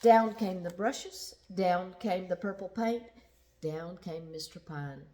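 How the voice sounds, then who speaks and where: A woman reading a children's picture book aloud, slowly and expressively, with sound effects. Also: on the low side, mellow. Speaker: storyteller.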